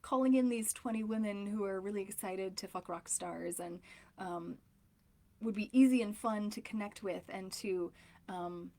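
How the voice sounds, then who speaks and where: A woman's voice: mid-range voice, normal speed, darkish tone. Candid, rambling woman coach. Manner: candid, rambling, emotional, with frequent likes and ums. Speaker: relationship coach. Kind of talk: casual personal talk to camera.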